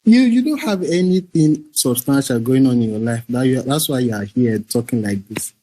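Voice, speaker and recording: A man from Nigeria, calling into a stream and speaking softly and calmly, often repeating himself. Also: mid-range voice, normal speed, slight background noise, poor audio. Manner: soft-spoken, repeats himself, stays calm. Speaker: caller.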